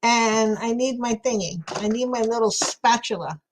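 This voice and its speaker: A woman's voice: on the high side, moderate pace, noisy background. A woman with a New York accent, chatting casually with viewers while crafting, laughing often. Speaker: craft livestream host.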